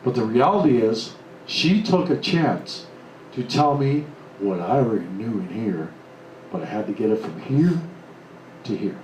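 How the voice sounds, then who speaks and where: A man's voice: mid-range voice, expressive, measured pace, pauses often, a little mellow, distant mic. Male seminar speaker, emphatic, echoey hall sound with faint hiss. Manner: emphatic, acts out quoted voices. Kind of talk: motivational seminar talk. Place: seminar room before a live audience.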